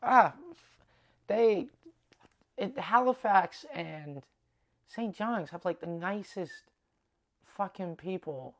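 A man's voice: sits high, lively intonation, slow, pauses often. A male comedian talks through his tour in a loose, rambling monologue. He swears constantly and trips over his own sentences, doubling words and restarting. It sounds offhand and unscripted. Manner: profane, rambling, many restarts. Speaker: stand-up comedian.

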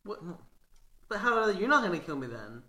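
Bright lively guy bantering over a game, echoey room. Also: sits high, brisk. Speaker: player. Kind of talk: casual game chat.

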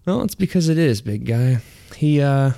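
A man hosts a podcast in loose, profane chat, breaking into laughter as he rambles. His voice is smooth and resonant at an ordinary pitch, recorded close and dry. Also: animated, normal speed, warm tone, dry recording. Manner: crude, profane, laughs often while talking. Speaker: podcast host.

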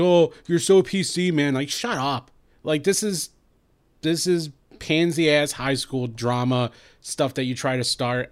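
A man co-hosting a casual podcast, sounding off bluntly and angrily. He swears freely as he vents, in a plain mid-pitched voice. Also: a bit bright. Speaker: podcast co-host.

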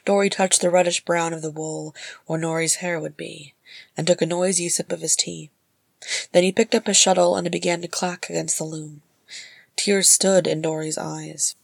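Husky woman reading a story. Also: low voice, level tone, normal speed, no echo. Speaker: audiobook reader. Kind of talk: storybook narration.

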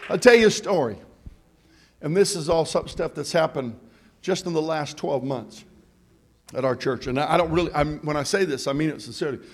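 A middle-aged pastor preaching in church, his voice sitting a little high for a man. He drops into easy, joking asides, then climbs into shouted calls that draw answers from the pews. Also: brisk, a little hiss or hum. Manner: preaching with call-and-response, building to shouts; humorous, conversational asides. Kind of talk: sermon. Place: church sanctuary.

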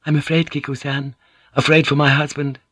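A man voicing a kind, anxious young noble wife who speaks softly and earnestly. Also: fairly high pitch, level tone, normal speed, breathy edge, dry recording, studio quality, voice pushed up. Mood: confiding.

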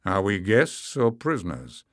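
A wary grown man mutters his doubts under his breath in a low, suspicious voice, as the narrator voices him. The recording is close and dry. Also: sing-song, a little slow, dry recording. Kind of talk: audiobook character reading.

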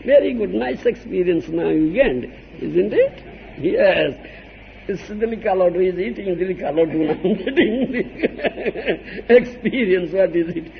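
A high, swinging, gravelly male voice holds forth on scripture, chuckling as he goes. He keeps checking on his listeners with a quick "Huh?". The recording is dull lo-fi tape with a faint hiss underneath. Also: big-room sound. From Odisha, India. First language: Odia. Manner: animated, chuckling, peppers talk with "Huh?". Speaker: spiritual teacher. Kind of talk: scripture discourse to disciples.

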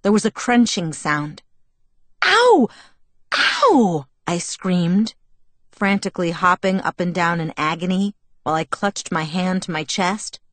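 A woman narrating a first-person novel as an audiobook, measured and expressive. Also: on the low side, no echo.

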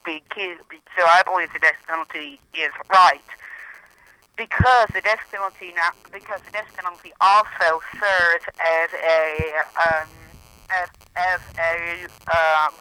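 A man's voice: a little high, sharp tone, clean tone, poor audio. A man co-hosting a casual podcast, arguing his point in an emphatic, insistent way. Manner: emphatic, argumentative. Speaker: podcast co-host.

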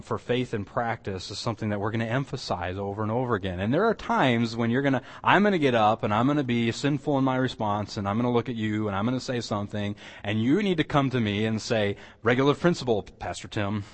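A man's voice: mid-range voice, fast, hardly any pauses. A male pastor teaching a church class in a conversational way, asking his listeners questions. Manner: conversational, asks the room questions, restarts phrases. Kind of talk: sermon teaching, closing in prayer.

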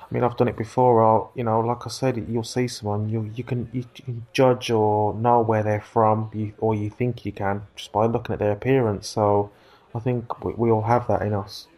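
A man's voice: on the low side, little pitch movement, normal speed, warm tone. A man from the UK co-hosting a podcast, chatting casually and laying out his opinions at length with many "I mean"s. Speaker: podcast co-host. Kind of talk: casual chat.

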